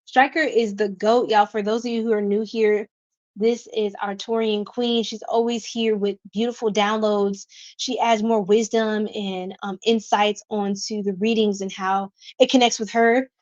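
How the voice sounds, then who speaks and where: A woman hosts a tarot livestream, bubbly and casual with her viewers, reading their comments aloud, laughing often, and tossing in slangy asides. Her medium-pitched voice is level in tone, slightly slow, and a little mellow. The stream audio is dull and lo-fi.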